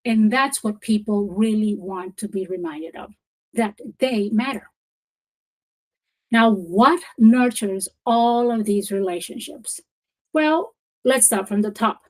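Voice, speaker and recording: A woman with a slightly high voice presents a professional development webinar. Her delivery is lively and encouraging, like a coach. She leans on key words and repeats them for emphasis. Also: poor audio.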